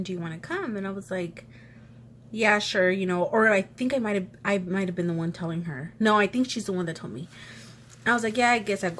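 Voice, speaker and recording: A young woman tells a story-time vlog in a loose, chatty way, acting out what everyone said. Her nose is stuffy from allergies and she keeps breaking off to sniffle. Her pitch sits right in the middle, and a faint hiss of room ambience runs underneath. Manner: chatty, animated retelling with quoted voices. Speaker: vlogger. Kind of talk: casual story time chat.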